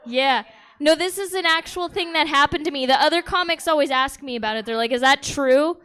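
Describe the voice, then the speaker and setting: A woman's voice: sits high, a little fast, pushed and bright. A woman doing a stand-up set on a comedy stage, candid and giggly, talking straight to the audience. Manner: giggly, candid, crowd-work. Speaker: stand-up comic.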